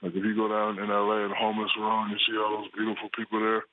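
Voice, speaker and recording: A man in his forties calling in to a talk show, chatting in a relaxed, joking way. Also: on the low side, very fast. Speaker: guest. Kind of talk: phone interview. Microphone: phone line. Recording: tinny phone line.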